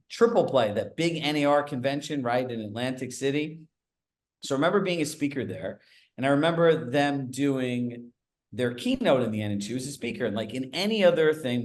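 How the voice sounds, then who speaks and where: A man leading a live coaching call on a video call, talking with quick asides and quizzing his group. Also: medium pitch. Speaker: real estate sales coach.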